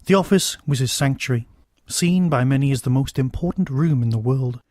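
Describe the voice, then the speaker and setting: Podcast host guy reading a short story, steady, dry close sound. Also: medium pitch, a little fast, no echo. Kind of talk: storytelling narration.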